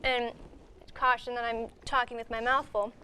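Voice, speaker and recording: A woman's voice: a little high, little pitch movement, normal speed, pushed and bright, a little hiss or hum, rough recording. Giggly young woman news anchor. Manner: giggly and enthusiastic. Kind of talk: casual studio banter.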